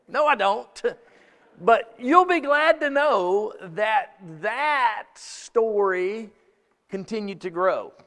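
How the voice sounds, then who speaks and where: A man preaching a sermon as pastor, telling stories in an animated way, acting out quotes and laughing along. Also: sits high, big-room sound. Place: church sanctuary.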